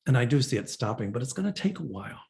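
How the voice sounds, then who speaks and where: A man's voice: mid-range voice, big pitch swings, rapid-fire, creaky, a little mellow. Rambling man hosting a psychic show. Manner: rambling, many fillers. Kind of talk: casual monologue answering viewer questions.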